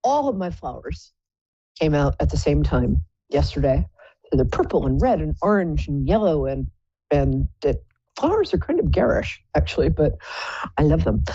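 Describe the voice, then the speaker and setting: A woman's voice: low voice, warm tone, breathy edge, no room sound, dull audio. A woman hosting a live psychic call-in show, chatting in a playful, rambling, self-mocking way. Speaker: psychic radio show host.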